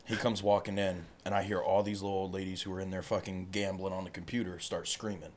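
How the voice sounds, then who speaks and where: Man, low voice, profane animated storyteller on a chat podcast. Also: fast, a little hiss or hum. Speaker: podcast guest. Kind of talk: casual storytelling.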